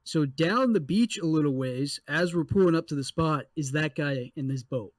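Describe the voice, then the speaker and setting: A young adult man co-hosting a podcast, telling a story in a casual, animated way with lots of swearing. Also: fairly high pitch, normal speed, dry recording. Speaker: podcast co-host.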